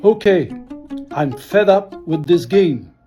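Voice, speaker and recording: A cheerful man speaks in a short company social media clip, announcing an office game. Guitar music plays clearly behind him. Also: sits high, lively intonation, slow pace. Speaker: company staffer in a promo clip.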